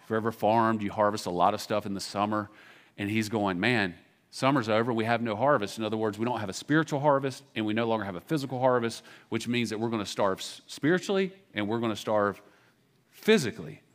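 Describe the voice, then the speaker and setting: A man's voice: fairly low pitch, fast talker. A man, a pastor preaching a sermon in a church, talking in a candid, conversational way with many restarts and fillers. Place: church sanctuary.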